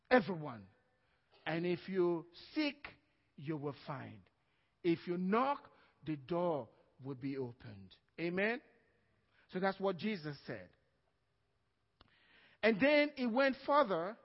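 A man's voice: high-pitched, very animated, slow, pauses often, long reverb tail, dull audio. A male pastor preaching a sermon, stressing words hard and often asking the congregation "Amen?".

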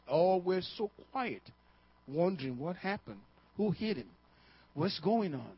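A man with a slightly high, husky voice preaches a storytelling sermon, dropping to near-hushed lines and then swelling louder. He peppers his talk with "uh" and asks the congregation "Amen?". The recording sounds dull and muffled. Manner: storytelling preacher, rising and falling loudness, frequent "uh" and "Amen?". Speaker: pastor.

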